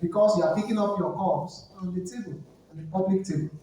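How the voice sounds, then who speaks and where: With a fast, warm, medium-pitched voice and a Nigerian accent, an etiquette trainer teaches students emphatically in a seminar, repeating key points. The echoey hall recording has the speaker far from the mic and slight background noise.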